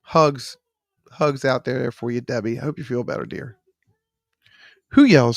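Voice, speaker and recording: A man's voice: mid-range voice, a little slow, long pauses, dry recording. A man hosting a live trivia stream from his studio, reading out viewers' chat answers with lots of ums. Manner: reads chat names aloud, many fillers. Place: home studio. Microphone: studio microphone.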